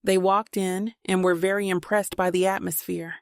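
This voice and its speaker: A woman narrating a novel in steady, plain storytelling, recorded on a close mic. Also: fairly low pitch, moderate pace, dry recording. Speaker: audiobook narrator. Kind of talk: scripted narration.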